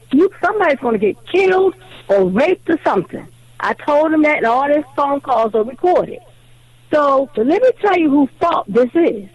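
A woman caller on a talk radio show tells her story with animated indignation. Her voice is very high, and the sound is close and dry. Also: dry recording, rough recording.

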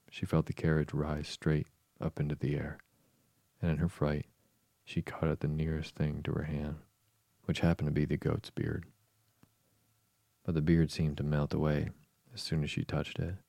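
A man reading a storybook aloud slowly and softly to lull listeners to sleep. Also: rumbling low, gravelly, no room sound. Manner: slow, soft, soothing reading. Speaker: podcast host, bedtime reader.

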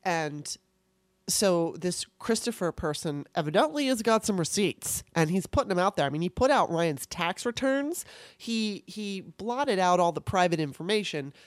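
A woman's voice: lowish voice, expressive, no room sound. Tearful, angry woman podcaster. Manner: candid, swearing, halting with restarts. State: tearful, upset. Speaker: podcast host. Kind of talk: emotional solo podcast monologue.

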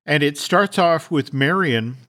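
A man reading a film script aloud to his podcast co-hosts, telling it with animated restarts. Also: on the high side, unhurried.

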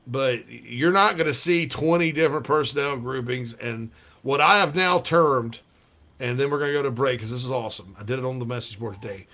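A man's voice: medium pitch, a little fast, bright, forceful tone. A man hosting sports radio, rambling and joking in casual banter with bursts of laughter.

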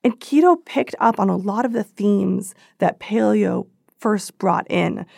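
A woman guest explains things in a relaxed, conversational way. Her voice has a gravelly, fried edge, and the recording is close and dry. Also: medium pitch, measured pace, dry recording. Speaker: expert guest. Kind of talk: interview answers.

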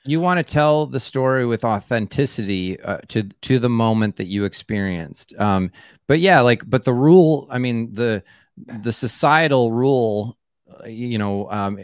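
A man's voice: medium pitch, lively intonation, measured pace, clear, resonant tone, dry recording, studio quality. A comedian guest chatting casually, rambling and restarting his sentences with many fillers. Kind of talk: casual chat.

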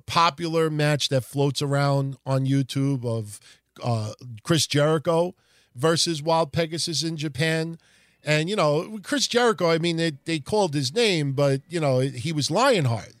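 Male podcast host, slightly high voice, dry close sound, rambling and profane. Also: no echo. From Italian heritage. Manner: rambling, profane, animated retelling. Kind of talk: casual wrestling history podcast.

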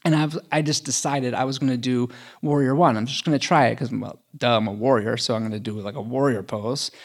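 A man's voice: mid-range voice, fairly even intonation, brisk. A middle-aged man telling a personal story in casual conversation, chatty with lots of fillers and self-mocking humor.

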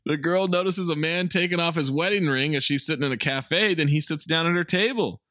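A man's voice: a little high, brisk, bright, forceful tone, dry recording. Dry wry male podcast recapper. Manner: wry, swearing, recapping in plain narration. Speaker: podcast host recapping a movie. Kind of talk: casual chat.

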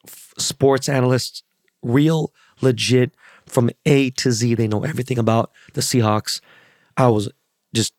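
A man hosting his podcast with a hoarse, worn-out voice from yelling, talking casually, bluntly and with lots of swearing. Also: mid-range voice, no echo, studio quality. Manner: blunt, swears a lot, rambling. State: hoarse, lost voice. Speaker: podcast host. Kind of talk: casual profane podcast monologue.

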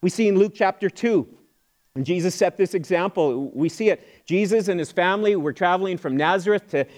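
A man's voice: high-pitched, fairly quick, darkish tone. A middle-aged man preaching a sermon as pastor, in a conversational way, often repeating words and acting out quoted voices.

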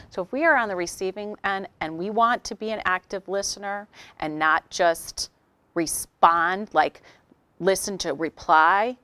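A woman's voice: mid-range voice, pushed and bright, smooth, no room sound. A woman trainer giving a conversational instructional talk, acting out short example dialogues as she explains. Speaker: communication trainer.

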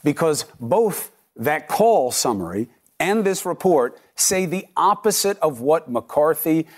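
A man's voice: on the high side, big pitch swings, takes it slowly. A middle-aged man anchoring a cable news commentary segment, punchy and emphatic, firing off rhetorical questions.

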